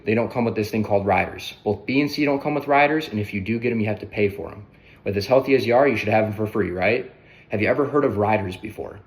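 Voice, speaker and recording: Fast-talking male sales coach. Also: fairly low pitch. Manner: brisk, conversational, often tags on "right?". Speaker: sales trainer.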